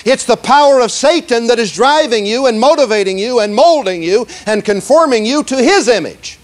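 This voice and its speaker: A male preacher delivering a sermon, slowing down to stress words and leading the congregation in repeating lines, often asking "okay?". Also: very high-pitched, animated. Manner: asks "okay?" and "see?" often.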